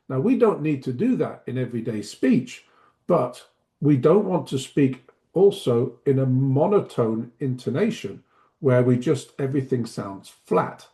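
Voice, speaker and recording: A middle-aged man giving a teaching webinar, speaking deliberately and demonstrating pace and emphasis as he explains. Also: mid-range voice, expressive, mellow. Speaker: webinar presenter, language teacher trainer.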